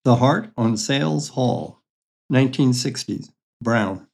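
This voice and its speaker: A man's voice: mid-range voice, slow, gravelly, darkish tone, slightly rough. An older man reading his own memoir stories aloud in a dry, matter-of-fact, wry way. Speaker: memoir storyteller.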